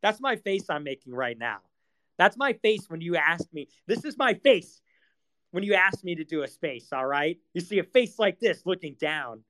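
A man's voice: on the high side, sing-song, normal speed, a bit bright, low-quality recording. A man hosting his own live talk, ranting sarcastically and swearing often, mocking others in whiny voices. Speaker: streamer hosting live audio spaces. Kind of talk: casual monologue.

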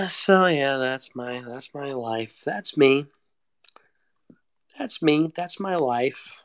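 A man's voice: fairly high pitch, sing-song, very slow, dry recording, studio quality. A young man in a casual confessional monologue, rambling and self-deprecating, with frequent swearing. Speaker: vlogger.

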